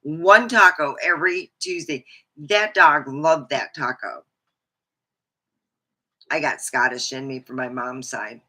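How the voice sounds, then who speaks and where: A woman's voice: deep voice, slow pace, long pauses, bright, forceful tone. A woman hosting her own livestream, chatting in a rambling, frank way and swearing casually. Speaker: host.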